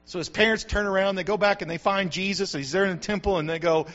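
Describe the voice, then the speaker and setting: A man's voice: high-pitched, steady tone, fast talker, fairly bright tone, muffled recording. An older man from the United States, a grandfather and pastor, preaching a sermon with repetition and rising emphasis.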